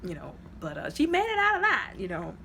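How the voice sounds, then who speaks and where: A woman's voice: medium pitch, huge pitch swings, brisk, creaky, sharp tone, a little hiss or hum. Chatty woman retelling a movie plot. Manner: chatty, acts out the characters' lines, many "like" fillers. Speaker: movie reviewer.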